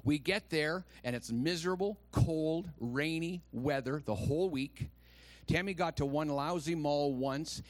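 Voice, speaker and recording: A pastor preaches a sermon, sharing a personal story and reading scripture, his voice on the high side and a little slow. Quiet asides swing into loud, rising exclamations, and he acts out the quoted voices.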